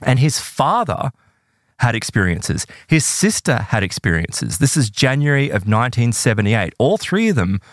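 Man, casual storyteller, animated, mid-pitched voice, dry sound. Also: normal speed, dry recording. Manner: animated storyteller, many fillers like "right?" and "like".

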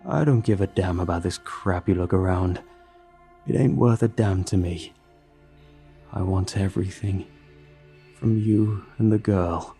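A monstrous creature drawls slowly in a Texas accent, every word unhurried and threatening, as a male narrator puts him on. The voice sits low and dark. Soft music plays underneath the storytelling. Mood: menacing. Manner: slow, drawling, menacing.

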